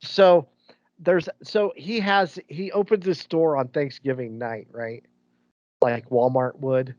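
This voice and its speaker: A man's voice: fairly high pitch, steady tone, slow pace, darkish tone, no echo. Rambling, chatty podcast co-host man. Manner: rambling, chatty, with many restarts. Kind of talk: casual chat. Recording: dull lo-fi sound.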